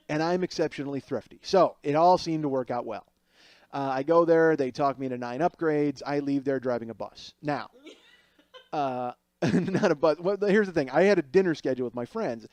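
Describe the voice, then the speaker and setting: A man's voice: a little high, a little mellow, dry recording. Rambling sarcastic man, dry close mic. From Chicago area. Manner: rambling, sarcastic, many restarts and asides. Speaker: podcast host. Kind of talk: casual comedic monologue.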